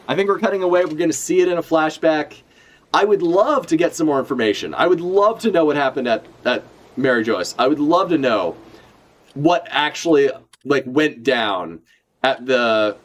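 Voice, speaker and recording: A man chatting casually on a live stream as he reacts to a comic chapter, rambling, swearing freely and correcting himself as he goes. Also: medium pitch. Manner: rambling, profane, self-correcting.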